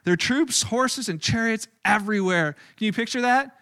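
High, bright-voiced casual preacher. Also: male voice, normal speed, dry recording, clean studio sound. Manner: casual, animated storytelling with many restarts. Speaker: pastor. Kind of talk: sermon. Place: church hall with a live congregation.

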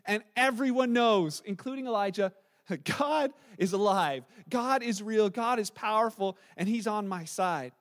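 A man in his thirties preaching a sermon, telling a scripture story with animated delivery and acted-out quotes. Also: high voice, measured pace. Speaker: pastor.

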